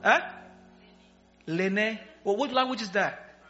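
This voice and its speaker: A man's voice: high-pitched, slow, bright, forceful tone, muffled recording, faint music behind. A man preaching a sermon in a church, playfully quizzing the congregation and laughing with them. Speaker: pastor. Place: church hall.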